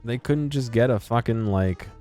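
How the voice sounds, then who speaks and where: A man's voice: medium pitch, moderate pace, a little mellow, faint music behind. A man giving casual let's play commentary, swearing and joking about the game. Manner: casual and profane, laughing at the game. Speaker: gaming YouTuber.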